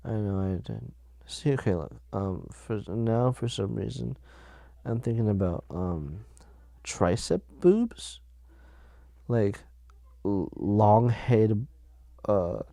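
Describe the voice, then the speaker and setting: A man's voice: on the low side, very animated, slow, gravelly, pauses often, dark tone, no echo, studio quality. A sleepy man hosting a solo podcast, rambling and making jokes at his own expense. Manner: rambling, jokey, self-mocking. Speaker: podcast host.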